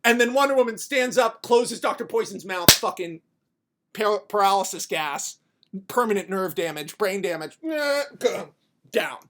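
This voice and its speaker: A podcast host pitching a story idea in a comedic, rambling way, profane and animated. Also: normal speed, slight background noise.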